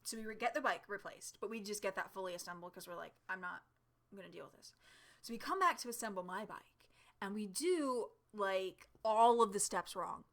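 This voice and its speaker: A woman telling a story in a casual home vlog, chatty and animated, with lots of fillers and laughter, sitting at home in front of her camera. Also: mid-range voice, a little fast. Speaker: vlogger. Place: home, seated in a chair with her cat.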